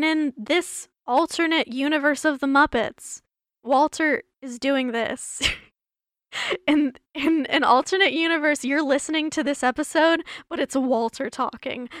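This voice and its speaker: A woman's voice: high voice, unhurried, fairly bright tone, no room sound, clean studio sound. A woman hosting a solo podcast, rambling and giggling in casual chat, her voice worn out after hours of recording. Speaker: podcast host.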